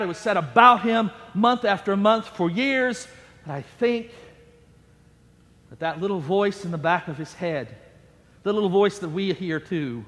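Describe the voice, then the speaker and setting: A man's voice: high-pitched, a bit bright. A man preaching a sermon as senior pastor, emphatic and dramatic, building to ringing declarations. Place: church sanctuary. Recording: long reverb of a church sanctuary.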